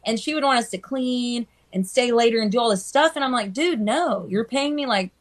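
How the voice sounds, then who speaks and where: A woman hairstylist chatting casually on a live stream, telling animated stories and acting out the people she quotes. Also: fairly high pitch, fairly quick. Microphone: phone.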